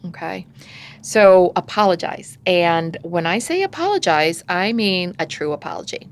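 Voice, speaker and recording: Gravelly-voiced woman giving parenting advice. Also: lowish voice, lively intonation, measured pace, a little hiss or hum. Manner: conversational, acts out parent and child voices. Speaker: parenting podcast guest expert. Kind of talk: casual advice chat.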